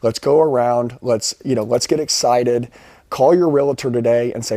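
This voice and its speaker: A man making a persuasive sales pitch over the phone, pushy and reassuring, repeating his promises. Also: steady tone, normal speed, dark tone, dry recording. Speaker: sales trainer on a live sales call.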